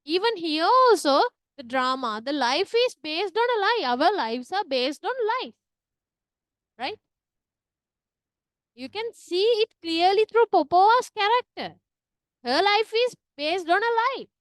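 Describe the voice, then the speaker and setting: A woman's voice: extremely high pitch, sing-song, a little slow, dry recording, clean studio sound. A woman teaching an online literature class, chatty and often asking "right?". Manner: chatty, tags sentences with "right?".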